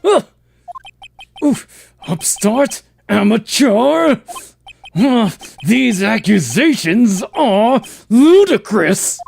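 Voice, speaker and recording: A man's voice: high voice, very animated, vocal fry, soft background music, exaggerated voice. A man voicing a smug, pompous male villain businessman from a courtroom game, drawling and gloating. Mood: flustered. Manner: drawling, gloating, slow and showy.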